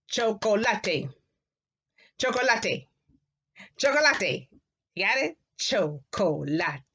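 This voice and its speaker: A woman teaching a Spanish class to young children, repeating words slowly in a sing-song way for them to echo. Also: mid-range voice, a bit bright, slightly rough. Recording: dull lo-fi classroom recording.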